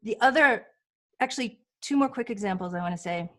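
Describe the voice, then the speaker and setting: A woman from the United States, a healer, guests on a talk show, telling personal stories in casual chat. Speaking fairly quickly at medium pitch, she's animated and acts out the voices she quotes.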